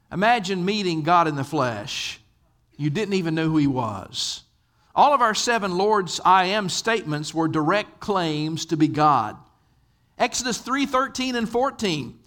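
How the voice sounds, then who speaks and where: A pastor delivers a sermon in a high, bright voice. He tells anecdotes and acts out the quoted lines as he goes. His preaching moves between scripture reading and everyday stories. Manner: storytelling with acted-out quotes.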